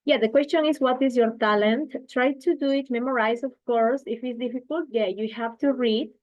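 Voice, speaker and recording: A woman's voice: fairly high pitch, moderate pace, highs cut off. A woman teaching English speaking practice, who keeps checking in with "okay?" and reads model sentences aloud for students to repeat.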